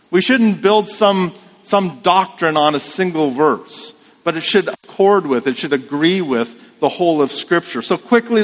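A man preaching a sermon in a measured, emphatic way, asking rhetorical questions. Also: on the high side, a bit bright, in a large hall. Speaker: pastor.

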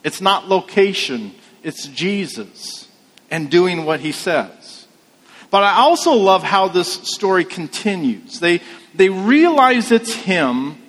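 Male pastor, measured conversational sermon, slightly high voice, long hall reverb. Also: very animated, fairly bright tone. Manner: slow, conversational preaching with anecdotes.

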